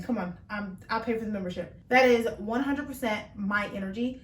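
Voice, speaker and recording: In a try-on haul, a young fashion vlogger keeps up a bubbly, filler-laden casual chat at a brisk pace and medium pitch. She's speaking from across the room, so the audio sounds roomy and far away.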